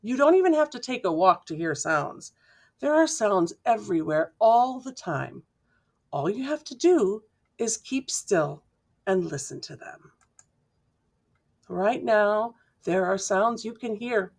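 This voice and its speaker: A woman reading a children's picture book aloud slowly and clearly, imitating the sounds in the story with playful mouth noises. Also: mid-range voice, expressive. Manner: slow, clear reading to young listeners. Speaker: storybook reader.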